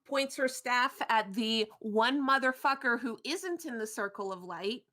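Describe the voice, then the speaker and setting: Bright higher-voiced woman gamer, casual, swears a lot. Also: unhurried. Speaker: player. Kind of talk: playing a tabletop game.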